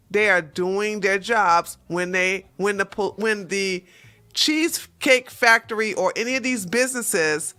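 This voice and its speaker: A woman's voice: a little high, pushed and bright. A woman hosting a political commentary livestream, brash, profane and sassy, firing off mocking outbursts between stories she reads aloud.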